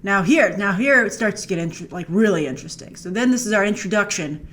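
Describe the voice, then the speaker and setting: A woman's voice: medium pitch, expressive, fast talker, fairly bright tone. A woman hosting a trailer breakdown, talking casually and playfully with lots of asides as she thinks aloud. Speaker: film trailer reviewer and show host. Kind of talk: casual chatty commentary over a trailer.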